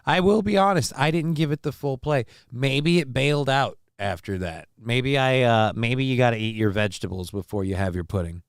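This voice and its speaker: A man hosting a livestream show, talking in a casual, rambling way with frequent swearing and halting fillers. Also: mid-range voice, clear, resonant tone, no echo, clean studio sound.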